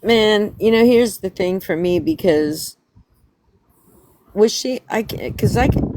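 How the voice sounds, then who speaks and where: Slow-talking woman reacting wryly. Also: mid-range voice, background noise. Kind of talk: casual commentary on online drama.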